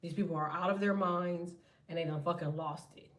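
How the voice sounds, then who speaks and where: A woman hosting a tarot livestream, telling stories in a profane, animated way and acting out other people. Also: fairly low pitch, a little fast, far from the mic. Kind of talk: casual livestream rant.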